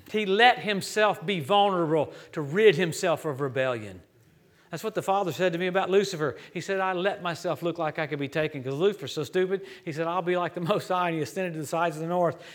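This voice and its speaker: A man with a notably high voice preaches with an American accent. He delivers his sermon in a lively, joking way that swings up into sudden loud bursts. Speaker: guest preacher.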